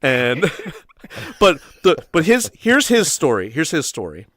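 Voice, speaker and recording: A man hosting a casual livestream chat, telling a long story in a rambling, animated way with laughs and swearing. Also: a little high, takes it slowly, no room sound, studio quality. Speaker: livestream host.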